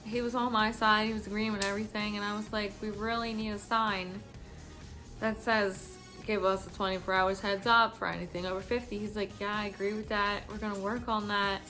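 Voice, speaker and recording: Faint music sits behind a tipsy young vlogger as she tells the camera a work story, swearing, laughing often, and performing her coworkers' lines. She speaks at a medium pitch with a flat delivery, a little fast, in a bright, forceful tone.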